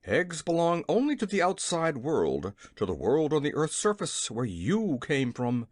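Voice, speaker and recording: A small, blustering gnome king who growls and roars but startles easily, as voiced by the audiobook reader. His delivery is lively and full of swings, and the recording sounds dry and close. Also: medium pitch, unhurried, no echo. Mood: alarmed angry.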